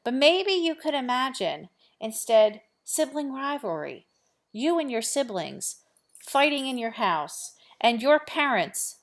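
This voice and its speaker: In a chatty recorded literature lesson, a woman teacher explains a play and poses rhetorical questions to her students. Her voice is high-pitched and animated, and she speaks a little slowly.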